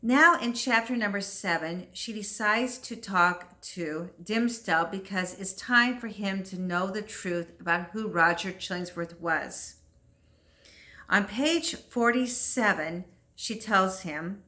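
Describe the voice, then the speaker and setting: A middle-aged woman teacher giving a clear, deliberate literature commentary for English learners. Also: medium pitch, bright, forceful tone. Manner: slow, clear, deliberate explaining.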